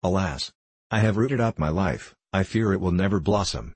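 A man's voice: deep voice, expressive, normal speed, husky, dry recording. A man voicing a young, idealistic foreign student in an audiobook, speaking in a despairing, pleading way.

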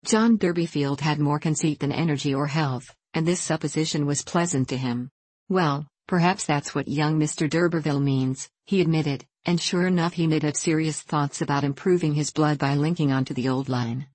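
A woman narrating an audiobook in a measured way, giving the characters light voices. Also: sits low, a little mellow, dry recording.

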